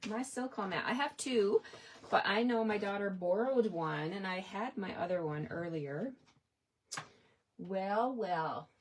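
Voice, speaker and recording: A woman's voice: medium pitch, lively intonation, a little slow, slight background noise. A woman from Canada demonstrating a paper craft in a casual tutorial. She chats with viewers, talks to herself as she works and laughs often. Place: home craft desk.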